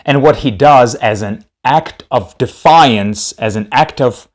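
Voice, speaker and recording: A man's voice: mid-range voice, slow. A man telling a comedic story on a podcast, rambling and repeating himself.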